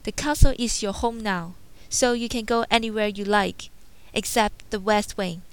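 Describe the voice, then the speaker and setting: A woman voicing a huge, ugly male beast in a storybook read-aloud, talking in a stern, slow, commanding way. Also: medium pitch, clean tone, close to an everyday voice.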